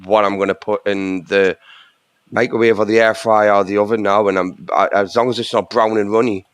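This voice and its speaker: A man's voice: on the low side, flat delivery, fairly quick, smooth, dry recording. A man with an English accent, a panelist joking crudely in casual chat over a remote call. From England. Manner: jokey, crude banter.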